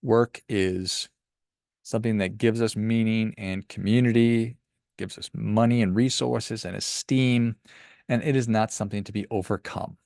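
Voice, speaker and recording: Emphatic gravelly podcast host man. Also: fairly low pitch, fairly even intonation, a little slow, a little mellow, no room sound, studio quality. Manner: emphatic, encouraging. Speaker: podcast host and financial advisor. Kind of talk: motivational podcast monologue.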